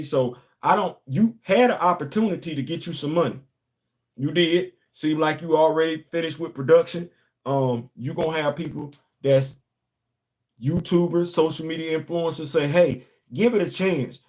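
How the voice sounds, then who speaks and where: A man hosting a comics commentary show, ranting emphatically and repeating himself. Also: a little high. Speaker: host. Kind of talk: casual commentary.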